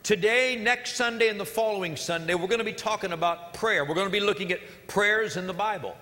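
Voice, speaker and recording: Male pastor, sermon, earnest and emphatic, high voice, long hall reverb. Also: a little fast, sharp tone. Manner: earnest, emphatic preaching with repeated phrases. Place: church service.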